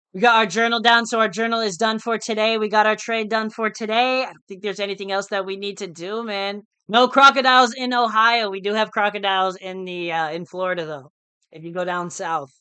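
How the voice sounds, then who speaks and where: A man's voice: high voice, pushed and bright, clean tone, no echo. A man day trading on a live stream, chatting casually in a laid-back, slangy way, repeating phrases and calling listeners dude and bro. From United States.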